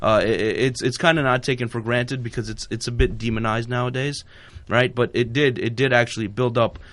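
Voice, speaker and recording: A man's voice: medium pitch, fairly even intonation, a little fast, a bit bright, no echo. A man hosting a radio show, chatting casually and rambling with lots of fillers and restarts. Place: radio studio. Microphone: studio microphone.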